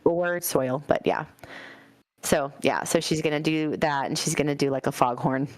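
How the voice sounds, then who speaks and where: A woman's voice: deep voice, moderate pace, no room sound. A woman playing a tabletop game, talking hesitantly with many fillers. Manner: hesitant, filler-heavy, laughing easily. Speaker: player. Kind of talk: casual tabletop game play.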